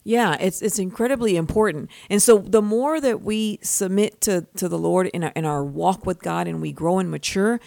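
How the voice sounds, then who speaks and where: A woman's voice: medium pitch, moderate pace, creaky, hardly any pauses, darkish tone, no echo, clean studio sound. A woman co-hosting a Christian talk show, telling stories in a sincere, reflective way. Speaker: co-host. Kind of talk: Christian podcast conversation.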